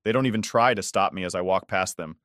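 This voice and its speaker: Man in steady, low storytelling narration. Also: fast, no room sound, clean studio sound. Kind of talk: scripted first-person story narration.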